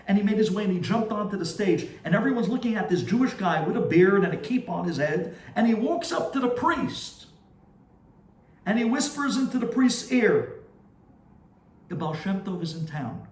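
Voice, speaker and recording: A man, a rabbi, telling a story in a sermon with animated, dramatic delivery. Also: sits high, fairly quick, far from the mic. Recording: roomy echo, faint ambience.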